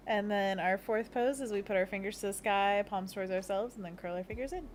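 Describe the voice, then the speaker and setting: Young female streamer, playful and giggly, middle-pitched, light hiss behind. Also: fairly quick. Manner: playful, giggly, leads stretches with silly monkey noises. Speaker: livestream host. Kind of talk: casual livestream chat.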